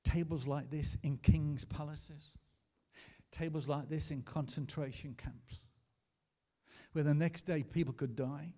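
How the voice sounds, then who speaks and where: Male pastor, emphatic sermon delivery with call-and-response, mellow dark tone, slightly high pitch. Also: steady tone, a little slow. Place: school hall.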